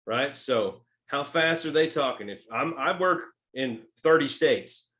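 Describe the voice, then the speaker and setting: A man with a Texan accent giving a sales training talk, emphatic and checking in with "right?" and "okay?", swinging between loud stresses and soft asides. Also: mid-range voice, animated, a little slow. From Texas. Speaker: sales coach.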